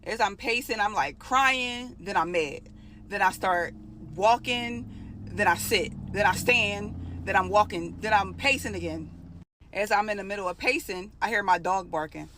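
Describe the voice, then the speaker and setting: A woman's voice: mid-range voice, normal speed, fairly bright tone, slight background noise. A young adult woman telling a personal story in a casual, emotional, conversational way.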